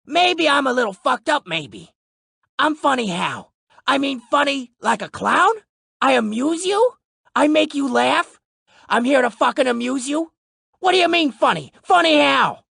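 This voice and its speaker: A hammy, mock-menacing Italian gangster voice with a fake Italian-American accent. It sits much higher than the narrator's deep tone and keeps needling the listener. The audiobook sound is dry and close. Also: male voice, gravelly, pushed and bright, no echo, exaggerated voice. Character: man doing a cheesy Italian gangster impression.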